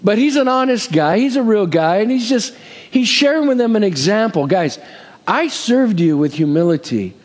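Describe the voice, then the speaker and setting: A man's voice: sits high, expressive, normal speed. A middle-aged man preaching a sermon as pastor, with rising emphasis, asides and call-and-response amens. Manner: jokes and acts out quoted voices. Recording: long hall reverb.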